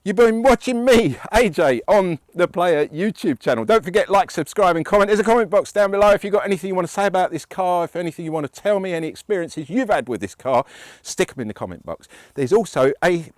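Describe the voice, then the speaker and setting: A chatty, enthusiastic man talks straight to camera and throws in jokes as he goes. His pitch sits a little high and moves around a lot, and the sound is close and dry. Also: expressive, a little fast, no room sound. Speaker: car reviewer and channel host. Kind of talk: casual review to camera.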